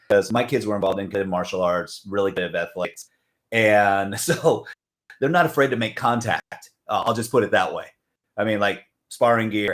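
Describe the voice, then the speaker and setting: A middle-aged man from Southern California, talking as a guest in a casual conversation, telling stories and acting out other people's voices. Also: sits low. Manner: animated storyteller who acts out others in voices.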